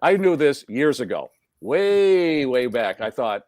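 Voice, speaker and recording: A man's voice: mid-range voice, big pitch swings, slow, hardly any pauses, darkish tone, no room sound. Male host, jokey rambling chatter, dry close studio sound. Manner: jokey, rambling, laughs often. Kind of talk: casual chat.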